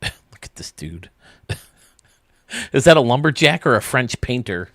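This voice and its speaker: A man's voice: medium pitch, sing-song, takes it slowly, long pauses, fairly bright tone, no echo, clean studio sound. A man hosting a casual gaming stream, rambling and thinking aloud as he works, with frequent laughs. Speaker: streamer and game designer host.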